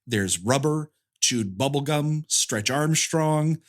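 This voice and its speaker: A man's voice: mid-range voice, lively intonation, slow. A man co-hosting a film podcast, wry and jokey, with stumbling restarts. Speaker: podcast co-host. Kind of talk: casual podcast chat.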